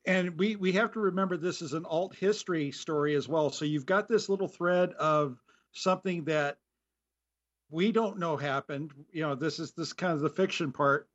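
A man's voice: on the high side, normal speed, fairly bright tone. Thoughtful male co-host, lo-fi. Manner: conversational, thoughtful questions. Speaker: podcast co-host. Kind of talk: podcast interview. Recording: dull lo-fi sound.

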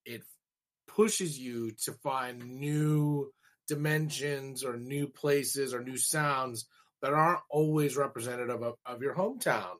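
A man's voice: mid-range voice, fairly even intonation, a little slow, fairly bright tone. Eager male radio host. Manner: eager, agreeing often. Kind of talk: casual interview chat.

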